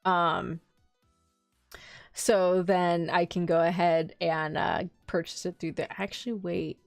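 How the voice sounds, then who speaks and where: A woman's voice: fairly low pitch, flat delivery, slow, gravelly, no room sound, soft background music. Rambling young woman streamer, dry mic. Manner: rambling, laughs often, loses track of thought. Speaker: VTuber streamer. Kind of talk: casual chat stream.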